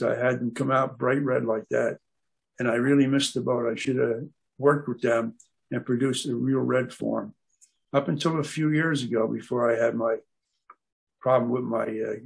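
An older man with a deeply gravelly, husky voice talks to a club audience. He tells long, wandering anecdotes and keeps pausing with "uh" while he searches for names. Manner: meandering, searches for words with many fillers. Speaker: guest speaker at an aquarium club. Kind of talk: rambling anecdotal storytelling.

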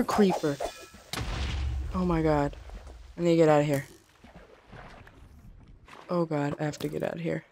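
A woman's voice: deep voice, fairly even intonation, a little slow, vocal fry, long pauses, background noise. A woman hosting a let's play, giving jittery gameplay commentary, exclaiming often and talking to her viewers.

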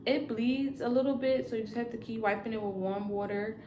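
A woman's voice: on the high side, fairly even intonation, brisk, background noise. Chatty young woman in a roomy space. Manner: chatty and rambling, with many fillers. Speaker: vlogger and new mother. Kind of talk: casual chat to camera.

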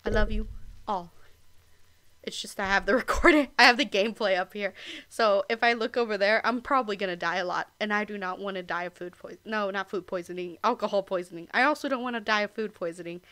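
Streaming a game live, this young Southern US woman is chatty and giggly, drifting off topic easily. She speaks fast with a medium pitch and a sharp tone.

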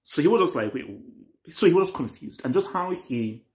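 A young man hosting a reaction channel talks casually about TV, fairly quickly. He's rambling and repetitive, swinging between excited bursts and low mutters.

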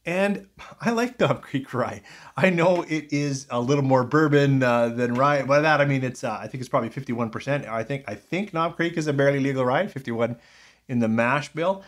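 A man's voice: mid-range voice, normal speed. A man casually reviewing whiskies in a rambling, thinking-aloud way, full of fillers and restarts.

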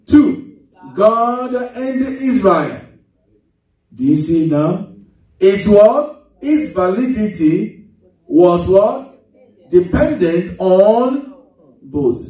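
Slow, mellow-voiced preacher in an echoing hall. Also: male voice, high-pitched. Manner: asks the congregation leading questions. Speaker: pastor. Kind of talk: sermon with call-and-response Bible reading. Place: church hall. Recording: very echoey hall, mic far off.

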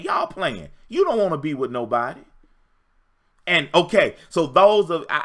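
A man's voice: a little high, pushed and bright. A man in his fifties, a relationship coach giving an emphatic, preachy motivational talk on a livestream and repeating his points. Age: 50s. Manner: emphatic, repetitive, preachy exhortation.

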